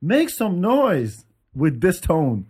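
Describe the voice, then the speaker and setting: A man's voice: high-pitched, slow, slightly rough. A man hosting a podcast, chatting casually and telling stories with comic voice impressions. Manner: animated storyteller, mimics voices for jokes. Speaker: podcast host. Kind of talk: casual comedic chat.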